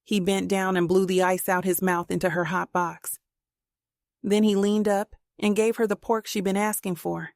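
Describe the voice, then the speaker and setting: Female audiobook narrator, mid pitch, gravelly, steady unhurried delivery. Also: no echo, clean studio sound. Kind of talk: scripted narration.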